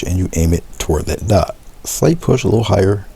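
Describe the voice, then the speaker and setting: A man teaching a painting demonstration, talking relaxed as he paints, repeating short coaching phrases and often trailing off into a murmur. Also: lowish voice, fast talker, gravelly, breathy edge. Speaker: art instructor.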